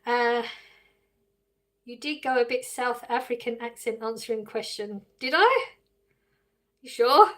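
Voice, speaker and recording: English lady on a live stream reading out chat and answering, laughs a lot, fairly high voice. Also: a little slow, pauses often, fairly bright tone. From England. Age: adult with children. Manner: reads viewer questions aloud and answers them, laughing often.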